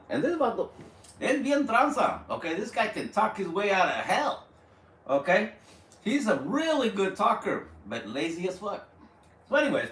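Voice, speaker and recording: Animated man telling a story. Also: high-pitched, slight background noise. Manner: animated, repeats words, drops Spanish slang. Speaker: live-stream host. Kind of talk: casual storytelling on a live stream. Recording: roomy, distant mic, faint background.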